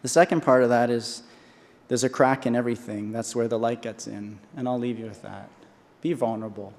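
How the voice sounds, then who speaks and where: Brief: man, 40s, earnest graduation speaker, mid-pitched voice, podium mic, long hall echo. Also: steady tone, fairly quick, vocal fry, darkish tone. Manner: earnest, with restarts and repetitions. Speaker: honorary doctorate speaker. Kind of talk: commencement speech. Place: large convocation hall.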